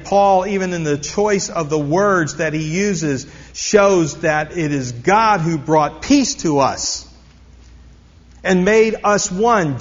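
Man preaching in a reverberant hall. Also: fairly high pitch. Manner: emphatic, repeats key phrases, asks the congregation questions. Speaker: pastor. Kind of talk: sermon. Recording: long hall reverb, dull lo-fi sound.

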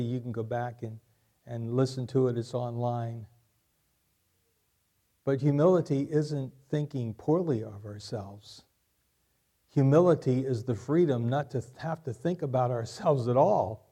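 A man's voice: mid-range voice, unhurried, pauses often, mellow. A man preaching a sermon as pastor, asking rhetorical questions and repeating his key lines.

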